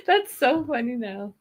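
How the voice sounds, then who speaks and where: A woman co-hosting a live art stream in casual chat, laughing often and giving short agreeing replies. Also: high-pitched.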